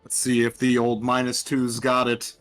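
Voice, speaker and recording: A man's voice: medium pitch, monotone, moderate pace, a bit bright, faint music behind. A man playing a tabletop game online, mixing casual chat with in-character remarks. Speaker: player.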